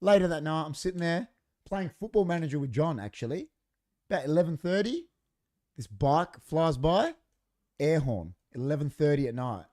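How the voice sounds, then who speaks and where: In a studio, a male podcast co-host with a voice on the high side tells a story at a moderate pace. The chat is casual, profane and animated, and he acts out what people said.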